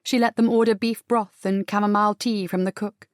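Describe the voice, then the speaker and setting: A woman narrating a historical romance audiobook, in a measured, even reading with the dialogue softened. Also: mid-range voice, no echo, clean studio sound. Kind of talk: scripted narration.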